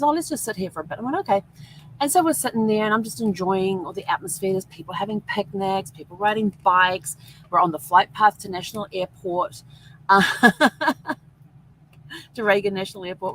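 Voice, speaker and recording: A woman's voice: on the low side, vocal fry, fairly bright tone, slight background noise, low-quality recording. A middle-aged woman hosting a show, chatty and rambling as she tells a personal story and quotes herself and her husband. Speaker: host.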